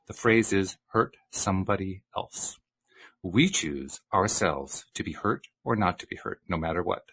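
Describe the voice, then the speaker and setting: A man's voice: low voice, expressive, measured pace, fairly bright tone, husky, heavily acted. A man reading a book aloud and voicing a patient male spiritual teacher who explains things. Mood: earnest.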